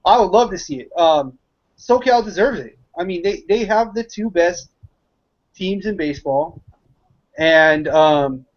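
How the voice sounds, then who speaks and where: A man's voice: high voice, expressive, measured pace, highs cut off. A man on a sports panel call who gives blunt, joking opinions. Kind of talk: casual panel talk over a call.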